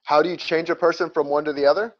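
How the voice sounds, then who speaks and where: A man's voice: fairly high pitch, quick pace. Upbeat guy telling motivational stories, emphatic, a bit dull lo-fi audio. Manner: energetic and emphatic, talks in repeated phrases. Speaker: guest, motivational speaker. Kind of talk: motivational storytelling in an interview. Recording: slightly lo-fi sound.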